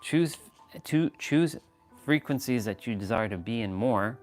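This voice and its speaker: A man's voice: mid-range voice, animated, a little slow, faint music behind. A man hosting a fitness livestream, talking casually and frankly about feelings and self-growth, with swearing and many restarts.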